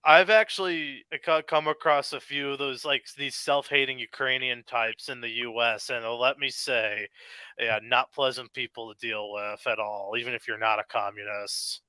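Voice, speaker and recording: A man with a bright, smooth voice chats casually about politics. He hesitates often and repeats himself, and the sound is dry and close. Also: medium pitch, steady tone, normal speed, dry recording.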